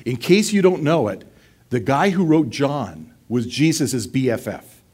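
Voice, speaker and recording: Animated conversational man preaching. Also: medium pitch, a little slow, breathy edge. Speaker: pastor. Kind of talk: sermon.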